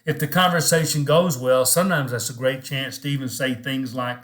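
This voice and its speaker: A man's voice: medium pitch, fairly even intonation, normal speed, fairly bright tone. Middle-aged male minister, plain earnest delivery, casual encouraging talk to camera.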